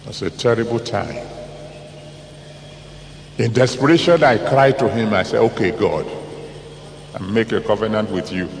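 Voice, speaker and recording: Man preaching, dramatic swings in pitch and volume, unhurried, heard from a distance in a reverberant hall. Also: creaky, a little hiss or hum. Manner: dramatic, swings from low asides to raised exclamations. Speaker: pastor. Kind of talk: sermon. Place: large church hall.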